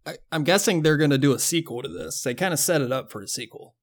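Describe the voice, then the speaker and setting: Chatty young man, slightly high. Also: fast talker, vocal fry. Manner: chatty, laughs often. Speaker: podcast co-host. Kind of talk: casual movie review chat.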